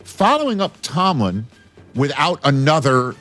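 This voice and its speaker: Male sports talk host, lively pitch swings, jokey and animated, some music in the background. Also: unhurried. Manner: animated, joking, laughs often.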